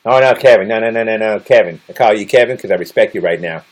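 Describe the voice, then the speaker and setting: A man's voice: on the low side, fast. A man chatting casually with viewers on a livestream, teasing and joking crudely as he reads their comments. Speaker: live streamer.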